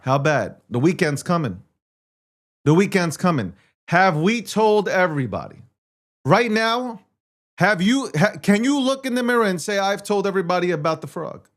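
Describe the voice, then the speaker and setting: A man's voice: sits high, sing-song, moderate pace. A man hosting a livestream, talking in an intense, profane and repetitive rant. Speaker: livestream host. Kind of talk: ranting livestream monologue.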